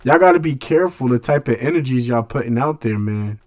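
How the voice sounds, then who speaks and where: A man's voice: medium pitch, lively intonation, fairly quick, darkish tone, no room sound. A man hosting a radio show, delivering a blunt casual monologue in street slang full of rhetorical questions.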